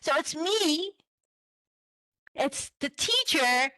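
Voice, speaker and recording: A woman teaching an online class for language teachers, explaining slowly and asking the class questions. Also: extremely high pitch, lively intonation, bright, forceful tone, no room sound, rough recording. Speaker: teacher trainer. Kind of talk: online teacher-training lesson.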